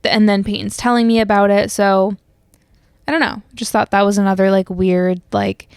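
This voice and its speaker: A young woman hosts a podcast in a loose, rambling way, full of fillers and restarts. Her voice sits at an ordinary pitch. The sound is dry and close, with no room echo. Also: fairly even intonation, moderate pace, darkish tone, clear, resonant tone. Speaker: podcast host. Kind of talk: casual solo chat.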